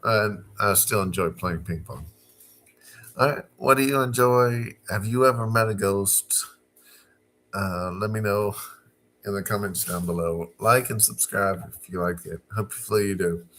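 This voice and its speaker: A middle-aged man from Arkansas recounts a personal story in a slow, casual storytime monologue, pausing often with fillers and restarting his sentences. His voice sits fairly low but has a bright edge. A faint hiss of background noise runs under the recording. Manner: unhurried, halting with fillers and restarts.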